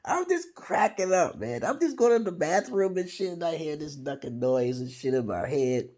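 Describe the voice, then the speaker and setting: A man from Brooklyn delivering a comedic rambling monologue, profane and giggly, jumping into loud high squeals. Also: sing-song, normal speed. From Brooklyn, New York, USA. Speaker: vlogger.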